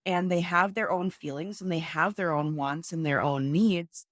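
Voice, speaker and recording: A young woman with a low voice talks over a video call as an interview guest. She explains things earnestly and acts out how she talks with her children. The sound is dry and close. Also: normal speed, a bit bright, no echo. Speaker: guest, mother of two. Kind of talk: casual interview.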